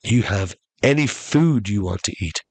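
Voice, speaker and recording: Casual pally genie, low and slow ; a man voices him. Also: lively intonation, breathy edge, no echo, exaggerated voice. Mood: grand. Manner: casual, calls him "buddy" and "sport". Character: smooth laid-back male genie, chummy.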